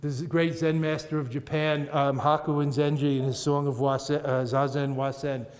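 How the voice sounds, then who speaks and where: A man's voice: fairly high pitch, little pitch movement, normal speed. Playful male teacher in echoey hall. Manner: playful, rhythmic, laughs at his own jokes. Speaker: Buddhist teacher. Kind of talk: dharma talk to an audience. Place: large meeting room with audience. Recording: echoey hall, roomy reverb.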